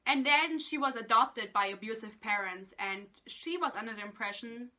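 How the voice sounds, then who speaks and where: Woman going off about a book she hated, high bright voice, cursing and laughing a lot. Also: lively intonation, normal speed. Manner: exasperated, swears often, laughs between points. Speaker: book reviewer. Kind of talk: casual book rant.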